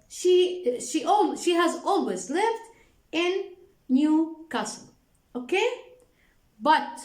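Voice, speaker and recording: A woman teacher walks students through a reading passage at an unhurried pace, repeating key points and checking understanding. Her voice sits high and moves around a lot. The room gives it a noticeable echo. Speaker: English teacher. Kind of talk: explaining a reading text to students. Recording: echoey room.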